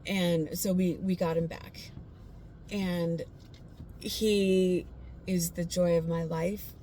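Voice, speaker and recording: A woman sharing her personal faith testimony in a casual, earnest, heartfelt way, pausing often with fillers. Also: lowish voice, steady tone, warm tone, a little hiss or hum.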